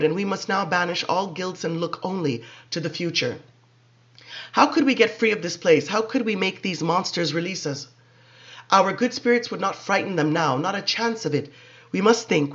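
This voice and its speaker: A man giving expressive, measured dramatic audiobook narration, on a dull lo-fi recording. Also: high-pitched.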